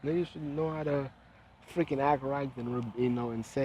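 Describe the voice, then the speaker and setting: A man vlogging his opinions with a mellow, warm tone. He rants bluntly and curses freely. He speaks at a middle pitch with a heated, unfiltered edge. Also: fairly even intonation, moderate pace, a little hiss or hum, rough recording. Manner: blunt, profane, heated ranting. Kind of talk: casual opinion monologue.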